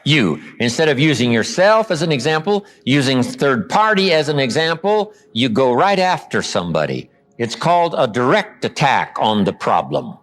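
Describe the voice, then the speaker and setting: A man delivering a motivational seminar talk in a lively voice that swings widely in pitch. He acts out the lines he quotes and uses slow, low drops to land his points. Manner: slows down and drops low for emphasis. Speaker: motivational speaker. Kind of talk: seminar lecture.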